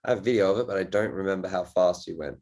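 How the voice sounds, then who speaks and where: A man's voice: low-pitched, fast, darkish tone. A man hosting a podcast, chatting casually in a loose, rambling way and swearing freely. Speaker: podcast host.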